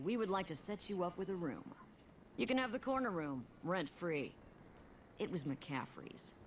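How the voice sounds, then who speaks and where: A woman voicing a brisk, no-nonsense saloon owner who talks in a blunt, businesslike way. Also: lowish voice, a little hiss or hum.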